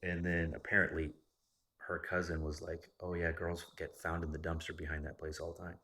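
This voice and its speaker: A young man with a low, fairly monotone voice tells a rambling personal story. His tone is bright and forceful, and he cusses freely as he retells what everyone said. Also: fairly quick. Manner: profane, animated retelling of a story. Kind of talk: casual storytelling.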